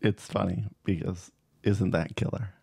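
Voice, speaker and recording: Low-voiced rambling man, dry mic. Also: steady tone, a little slow, vocal fry, darkish tone, breathy edge, no room sound. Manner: rambling, hesitant, full of fillers and restarts. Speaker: podcast co-host. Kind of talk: casual movie review chat.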